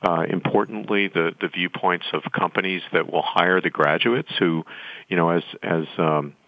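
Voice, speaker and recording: Man, very deep voice, interview guest, measured, restarts often, dull lo-fi sound. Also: fairly even intonation, no room sound. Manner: measured, thoughtful, with frequent restarts. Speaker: nonprofit chief executive, guest. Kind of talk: interview answers.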